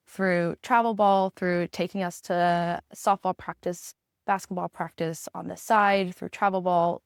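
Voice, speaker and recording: A woman's voice: lowish voice, creaky, clear, resonant tone, no room sound, studio quality. A young woman hosting a podcast, telling heartfelt stories about family in a casual, earnest, emotional way. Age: young adult. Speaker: podcast host, veterinary student. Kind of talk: casual solo podcast talk.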